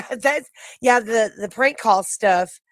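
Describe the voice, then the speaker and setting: A man's voice: very high voice, takes it slowly, fairly bright tone, dry recording, studio quality. A man co-hosting a talk show, reacting to a story with short remarks. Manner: laughing listener, brief reactions. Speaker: podcast co-host. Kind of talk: casual chat.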